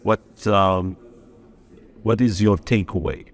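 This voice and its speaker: A man hosting a podcast, asking questions in a halting way, searching for words. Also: lowish voice, fairly even intonation. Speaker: podcast host, English teacher. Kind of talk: interviewing.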